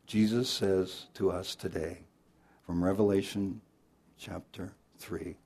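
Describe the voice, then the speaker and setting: Low husky-voiced male preacher. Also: steady tone, slow. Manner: dramatic storytelling, swinging between loud emphasis and hushed appeals. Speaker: pastor. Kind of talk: sermon.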